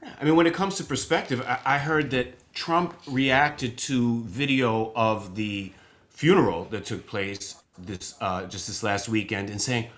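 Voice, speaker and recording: A man's voice: mid-range voice, measured pace, a bit bright. A man hosting a podcast interview, rambling and hesitant, chuckling as he talks. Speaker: podcast host. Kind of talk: casual interview talk.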